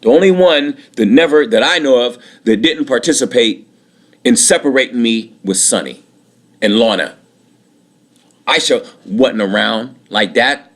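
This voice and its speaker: A man's voice: mid-range voice, a little slow. A man in his late thirties giving a bitter, aggrieved personal monologue, repeating himself and swearing often. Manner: bitter, aggrieved, repetitive, profane.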